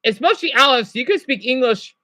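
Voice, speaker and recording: A man's voice: very high voice, expressive, a little fast, pushed and bright. An American man chatting casually with live viewers, rambling with many restarts and fillers. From United States. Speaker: streamer.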